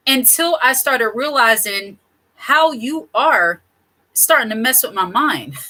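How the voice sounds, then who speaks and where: A woman in her thirties talks straight to her viewers in a loose, candid way, stopping to correct herself and laughing softly along the way. Her voice sits a touch high, with a bright, forceful edge. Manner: candid, chatty, self-correcting with small laughs. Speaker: channel host. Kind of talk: casual talk to camera.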